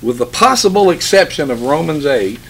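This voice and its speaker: A man preaching a sermon, reading scripture slowly and solemnly, then explaining it with emphatic swells in his voice. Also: fairly high pitch, expressive, gravelly, fairly bright tone, slight background noise.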